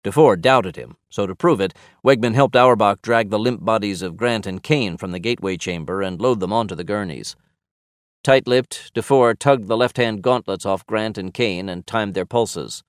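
A man narrates an action audiobook in a steady, dramatic way. His voice sits low and the sound is close and dry. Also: normal speed, dry recording.

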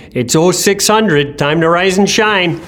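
A woman's voice: low voice, lively intonation, brisk, a little hiss or hum, voice pushed down. A woman voicing a protective man in a camp, brusque and teasing by turns, in an audiobook.

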